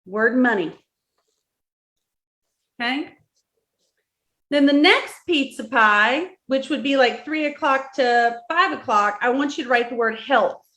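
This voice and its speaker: Bright high-voiced Southern woman teaching. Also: takes it slowly, pauses often. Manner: repeats instructions, checks in with "okay?". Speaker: host leading a live-streamed workshop. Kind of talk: instructional talk to a live audience.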